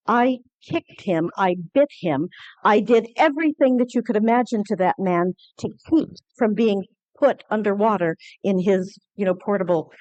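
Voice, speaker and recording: A woman speaking at a conference, telling an earnest personal story with many halting restarts. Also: mid-range voice, warm tone, no echo, dull audio. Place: conference hall lecture.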